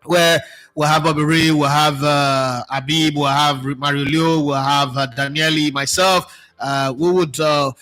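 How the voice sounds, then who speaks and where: Bright-voiced man hosting sports chat. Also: on the high side, unhurried, faint music behind. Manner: chatty, sarcastic, animated with many fillers. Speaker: sports talk host. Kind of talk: casual live football chat reading viewer comments.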